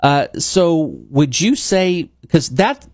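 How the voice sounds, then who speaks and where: A man hosting a talk show, speaking haltingly with many pauses and restarts. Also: a little high, lively intonation, darkish tone, no echo, clean studio sound. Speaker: show host.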